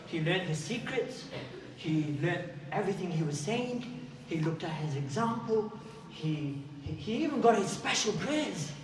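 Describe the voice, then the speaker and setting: A man giving a storytelling talk to children, lively, asking them questions and acting out voices. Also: sits high. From England. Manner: lively, asks the kids questions, acts out voices. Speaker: youth speaker. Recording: echoey hall, far mic, faint background hum.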